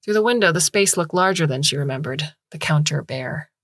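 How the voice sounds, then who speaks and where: A woman reads a short story aloud in a measured, steady voice. Her tone is low and husky. The recording is close and dry, with no room sound. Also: dry recording. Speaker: story reader. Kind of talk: scripted narration.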